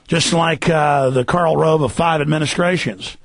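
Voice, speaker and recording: Gravelly, ranting male radio host. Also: fairly high pitch, steady tone, a little fast, hardly any pauses, dry recording. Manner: fiery, ranting, heated. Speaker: radio talk show host. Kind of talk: talk radio monologue.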